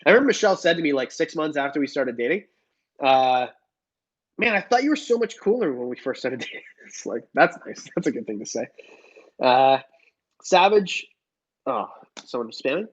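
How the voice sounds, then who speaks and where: A man's voice: medium pitch, very animated, moderate pace, pauses often, husky. A young man hosting a casual reptile livestream, joking and reading chat comments aloud. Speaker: reptile channel host answering live chat. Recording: dull lo-fi stream audio.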